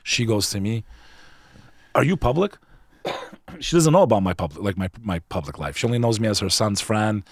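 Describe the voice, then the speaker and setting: A man's voice: on the low side, lively intonation, fairly quick, no room sound, clean studio sound. A man in his forties from New York, a podcast guest telling a personal story in casual chat, earnest and confessional, calling the listener bro. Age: 40s.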